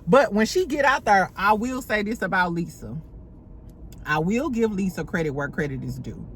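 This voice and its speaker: A woman hosting a casual reality TV recap at home, animated and profane. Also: mid-range voice, normal speed, a little hiss or hum. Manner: animated, mimics cast members, profane. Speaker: podcast host recapping reality TV.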